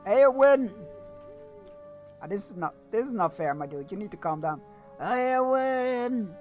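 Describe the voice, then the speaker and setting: A man streaming a fantasy game, reading quest dialogue aloud and breaking off with quick, reactive asides. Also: fairly high pitch, soft background music. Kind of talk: casual gameplay commentary.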